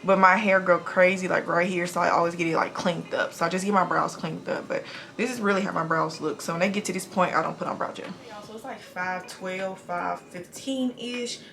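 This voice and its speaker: A young woman in her twenties talking fast and casually while getting ready in her bathroom, recorded on a camera mic. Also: on the low side, steady tone, a bit bright, a little hiss or hum. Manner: talks fast without pauses, breathy between sentences. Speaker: nurse vlogger. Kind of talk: casual get-ready-with-me vlog. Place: home bathroom.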